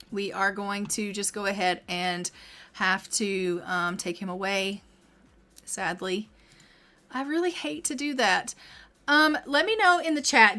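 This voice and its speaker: A streamer with a fairly high, bright, pushed voice plays her game while chatting easily with her audience. Between comments she reads out game text and gives the characters voices now and then.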